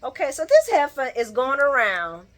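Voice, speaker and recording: A woman recapping a soap opera on her channel speaks at normal speed in a high-pitched, fairly bright voice with huge pitch swings. She keeps it casual and sassy, talking back to the characters and laughing frequently.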